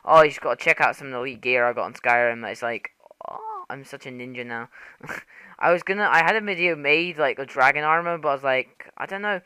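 Young male gaming host, casual and rambling, easily excited, bright edge, dry recording. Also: mid-range voice, fast, smooth, no room sound. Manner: rambling, excitable, swears and laughs often. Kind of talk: casual gameplay commentary.

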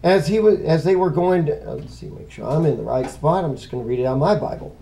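A man's voice: fairly high pitch, expressive, quick pace, gravelly, mellow, slight background noise, low-quality recording. Rambling, easygoing man teaching a Bible lesson. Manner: rambling, conversational, self-correcting.

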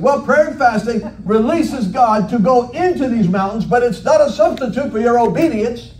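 A man giving an animated, jokey sermon as a guest preacher, acting out quoted voices. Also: very high voice, normal speed, hardly any pauses. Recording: echoey hall from far off, faint noise.

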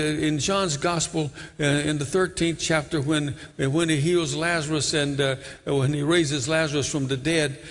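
A man preaching a sermon in a church, telling Bible stories and acting out the crowd's voices, sometimes rising to near shouts. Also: on the high side, long reverb tail. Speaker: guest preacher. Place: church sanctuary.

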